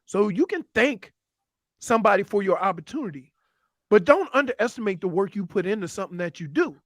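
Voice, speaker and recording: A man co-hosting sports radio, animated and mocking in casual banter. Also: high-pitched, fairly quick, no echo, clean studio sound.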